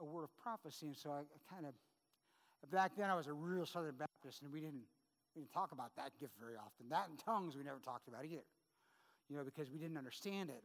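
A middle-aged man preaching a sermon as pastor, conversational and full of quick "right?" asides to the congregation. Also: fairly high pitch, long reverb tail.

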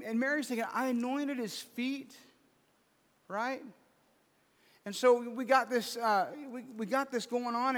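A pastor with a notably high voice delivers a sermon, moving between scripture reading and relaxed, chatty asides to the congregation. His voice rings with a long reverb, as if it fills a large hall. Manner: reads scripture aloud, then riffs with casual asides.

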